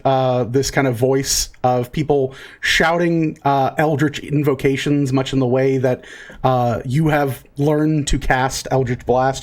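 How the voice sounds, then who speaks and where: A man's voice: medium pitch, darkish tone. A man narrating a tabletop game as game master, hesitant and full of fillers.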